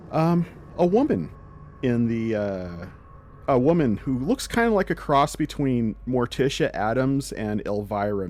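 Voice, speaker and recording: A man narrating as game master of a tabletop role-playing game, relaxed and chatty. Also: mid-range voice, slight background noise. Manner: relaxed, chatty, laughs often.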